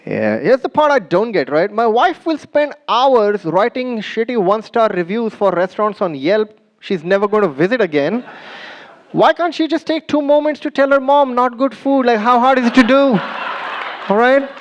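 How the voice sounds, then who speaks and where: A man's voice: very high-pitched, sing-song, moderate pace, highs cut off. A man doing a stand-up comedy set on a live stage, chatty and teasing the audience, acting out the lines he quotes.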